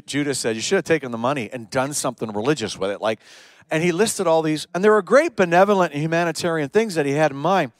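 A man serving as a pastor delivers a sermon in a high voice, recorded dry. He tells the story with energy, moving back and forth between quiet lines and forceful ones.

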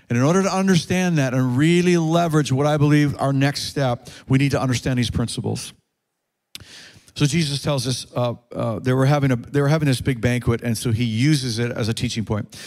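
A man preaching a sermon as pastor, earnest and emphatic, rising in pitch when he stresses a point.

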